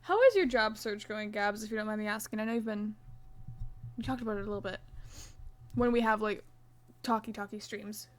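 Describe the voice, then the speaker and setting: A woman's voice: medium pitch, brisk, long pauses. A young woman streaming live, chatting playfully with her viewers and counting stitches under her breath as she crochets. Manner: chatty, playful, reads chat aloud. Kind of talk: casual live-stream chat while crocheting.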